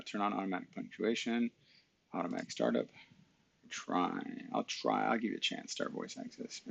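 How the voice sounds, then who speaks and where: Middle-aged male streamer, deep gravelly voice, talks back at his pc, webcam mic sound. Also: a bit bright. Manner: mutters to himself and talks back to his computer. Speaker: live stream host. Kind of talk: casual screen-share talk.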